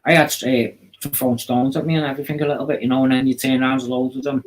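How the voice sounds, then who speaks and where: A man's voice: medium pitch, little pitch movement, very fast, low-quality recording. A man hosting a live stream, telling rambling stories in a casual chat. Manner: rambling, chatty storyteller with fillers. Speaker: livestream host.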